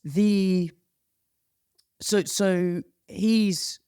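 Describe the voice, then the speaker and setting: A man hosting a casual interview podcast, relaxed and chummy, swearing freely. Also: sits high, extremely slow, clean tone. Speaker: podcast host.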